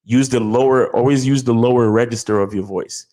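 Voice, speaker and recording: The host's warm, mid-range voice moves briskly with fairly even intonation. Into his studio mic he offers loose, profanity-laced dating advice, circling back over the same points and repeatedly asking "you understand?"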